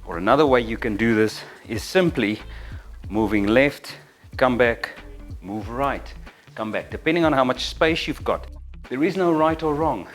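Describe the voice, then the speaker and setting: A middle-aged man leads a home workout, counting reps and talking through each movement with audible breaths between counts. His voice sits at an ordinary middle pitch, slightly winded as he works. Faint music plays underneath. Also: lively intonation, moderate pace. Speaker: fitness instructor. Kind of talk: exercise demonstration with counting.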